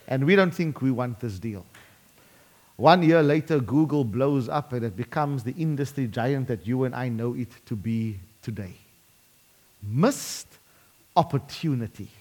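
A man preaching a sermon, emphatic and slowing down dramatically to drive points home. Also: fairly high pitch. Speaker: pastor.

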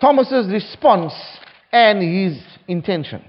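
High-pitched, animated male preacher. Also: slow. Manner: animated, dramatic delivery. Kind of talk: sermon with scripture reading. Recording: dull lo-fi recording.

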